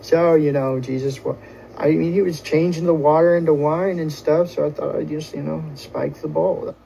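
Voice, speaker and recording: A man spinning a crude, profane comic tale in a loose, rambling way, tossing in "you know" constantly. His voice sits slightly high but sounds dark and mellow. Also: fairly even intonation, normal speed, creaky, a little hiss or hum, rough recording. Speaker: storyteller. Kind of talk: rambling first-person comic monologue.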